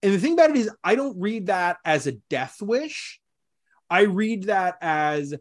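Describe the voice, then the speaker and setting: A man co-hosting a casual comics podcast, explaining at length in a thoughtful, measured way. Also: sits high, lively intonation. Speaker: podcast co-host discussing comics. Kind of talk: casual chat.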